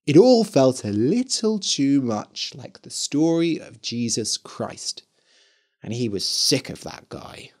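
A man narrating a scripted story for learners, slowly and expressively. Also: mid-range voice. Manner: slow, clear and expressive.

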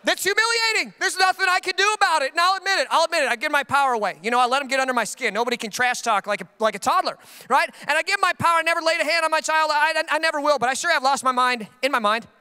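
A young adult man preaching a sermon as pastor, telling stories with comic, animated outbursts. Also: very high voice, very fast. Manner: comedic storytelling with animated outbursts.

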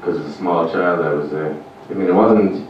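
Irish male stand-up, low-voiced, heard from afar in a booming club. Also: moderate pace, muffled recording, slight background noise. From Ireland. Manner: rambling, deadpan, swearing. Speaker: stand-up comedian. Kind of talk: stand-up comedy. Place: comedy club stage. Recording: echoey club room, mic far off.

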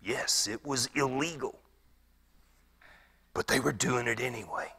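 A pastor playing a former rebel turned peaceful wood carver in a dramatic monologue, his gravelly voice often sinking to a whisper. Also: medium pitch, measured pace, heavily acted. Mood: hushed. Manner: storytelling that swings from hushed whispers to loud outbursts.

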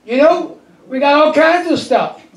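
A man's voice: very high-pitched, expressive, unhurried. A middle-aged man preaching a sermon as pastor, telling a folksy story with frequent chuckles and drawing amens from the congregation. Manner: call-and-response with the congregation. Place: church. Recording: echoey church sanctuary.

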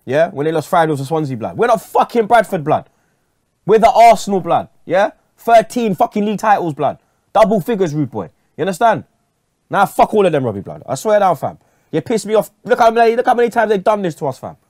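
Man, angry fan rant, swearing, street slang, swooping animated pitch. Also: no echo, studio quality. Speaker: fan pundit.

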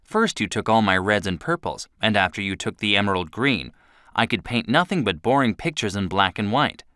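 A man's voice: lowish voice, lively intonation, moderate pace, sharp tone, no echo, clean studio sound. A man reading a kind, brave young girl. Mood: earnest.

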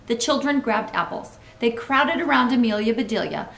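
A woman reading a children's book aloud, pausing to comment and ask listeners questions in an expressive way. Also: a little high, gravelly. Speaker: storybook reader. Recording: roomy echo.

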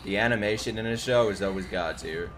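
A man streaming his reaction to an anime, excitable and profane, laughing and shouting at the screen. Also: lowish voice, fast. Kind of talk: casual reaction commentary. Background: anime soundtrack music playing.

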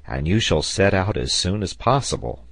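A calm, authoritative engineer captain, as a man reads him, low and steady. He lays out his reasoning deliberately, point by point. The sound is close and dry. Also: creaky, no room sound, exaggerated voice. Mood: measured. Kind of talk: audiobook character voice.

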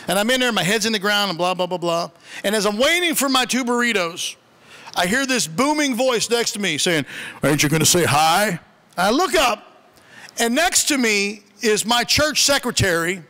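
A man's voice: high voice, bright, forceful tone. A male pastor preaching a sermon in a church, telling humorous, conversational stories. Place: church sanctuary. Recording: long church reverb.

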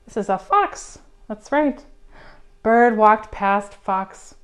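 A woman reading a picture book aloud at a preschool storytime, gently coaxing the children with questions. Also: mid-range voice, slow. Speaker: children's librarian.

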